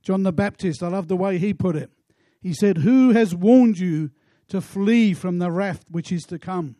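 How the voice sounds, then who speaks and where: A pastor preaching a sermon in an earnest way, asking rhetorical questions. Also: male voice, high voice, normal speed, dark tone, no room sound, studio quality.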